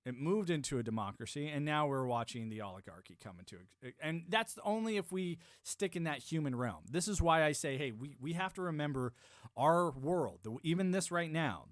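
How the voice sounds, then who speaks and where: A man's voice: on the high side, fairly quick, no echo, clean studio sound. A man hosting a livestream, riffing loosely in casual political commentary and chatting with his viewers. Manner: rambling, animated, frequent restarts and mock-quoted voices. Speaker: livestream host.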